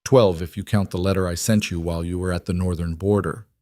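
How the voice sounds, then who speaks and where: A man voicing a shrewd older male royal counsel who speaks quietly and in a measured way. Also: low-pitched, steady tone, no room sound, clean studio sound, natural voice. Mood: dry, patient.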